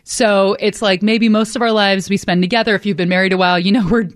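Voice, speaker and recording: A woman's voice: medium pitch, steady tone, fast talker, no room sound. A woman reporting on a radio show, talking candidly and wryly, like telling a story to the host in a studio. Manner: candid, chatty, wry storyteller. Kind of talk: casual radio chat. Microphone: studio microphone.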